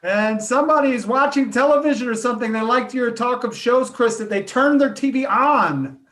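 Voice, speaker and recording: A woman's voice: fairly high pitch, normal speed, a bit bright. A woman hosting an online comedy contest over a video call, making giggly, chatty announcements. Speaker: host.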